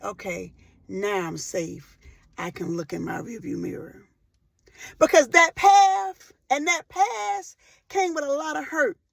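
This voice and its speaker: A woman in her forties delivers a faith-based motivational talk in a high, ringing voice. She speaks with fervent emphasis, hammering home repeated phrases and surging into loud, emotional peaks. The recording is dry and close, with no room echo. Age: 40s. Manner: rises to loud emotional outbursts.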